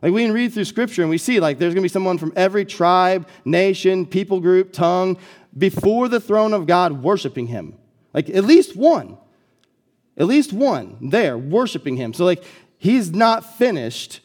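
A man's voice: high-pitched, animated, moderate pace. A young American man preaching a sermon as a guest pastor, in a casual, conversational way with lots of filler words. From United States.

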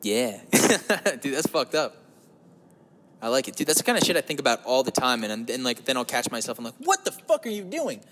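A man's voice: mid-range voice, a little fast, long reverb tail, slight background noise. A man hosting his own show, talking alone from his parked car in a crude, profane, joking ramble. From New Jersey, United States. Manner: crude, profane, joking, swings into loud voices. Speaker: podcast host. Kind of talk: rambling solo monologue.

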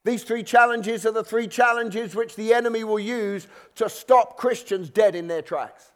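A man preaching in a church, his voice sitting high for a man. He keeps the sermon conversational and chatty, now and then slipping into the voices of the people he describes. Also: normal speed. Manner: conversational, acts out worried believers' voices.

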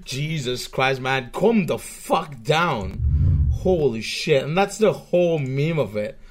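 A man streaming and reacting to clips, swearing and mocking, swinging from mutters to loud outbursts. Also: mid-range voice, lively intonation, slow pace. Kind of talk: casual profane commentary. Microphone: webcam setup microphone.

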